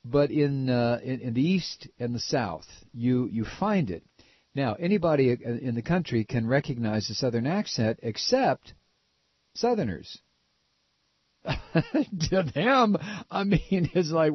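An older man from Ohio with a nasal voice, talking casually and halting with many repeated restarts. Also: medium pitch, expressive, husky, no room sound. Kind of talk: casual opinion talk. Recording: dull lo-fi recording.

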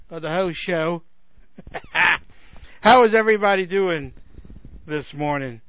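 A man's voice: sits high, unhurried, pauses often, dry recording. A man hosting a radio show as a fill-in, chatting casually and rambling with frequent restarts and self-deprecation. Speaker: radio host filling in. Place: home in Chicago. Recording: tinny dry phone-like line.

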